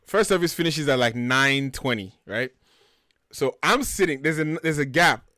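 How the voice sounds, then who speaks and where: A young man from Nigeria with a Nigerian accent, telling stories in a lively, joking way as a podcast co-host. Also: medium pitch, moderate pace, dry recording, studio quality. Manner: animated, jokey, acts out quotes. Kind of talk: casual chat, storytelling.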